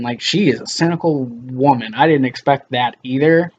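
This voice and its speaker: A man's voice: mid-range voice, moderate pace. Man, casual show recap, filler-heavy retelling, slightly dull sound, faint hiss. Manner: loose retelling with many fillers and quoted asides. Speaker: co-host recapping a TV episode.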